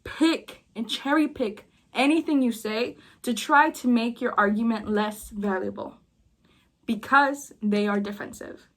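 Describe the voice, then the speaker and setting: A woman's voice: on the high side, a little slow, fairly bright tone. Emphatic woman venting to camera. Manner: emphatic, repeats points for force. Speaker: video creator. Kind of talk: casual venting chat.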